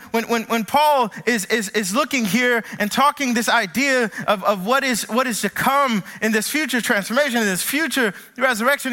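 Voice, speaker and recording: A man from the American South delivers a sermon with a high, bright, ringing voice. He stretches the key phrases slowly and doubles back on his words as he builds a point. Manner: preacherly, with dramatic slow-downs and repeated words. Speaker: pastor.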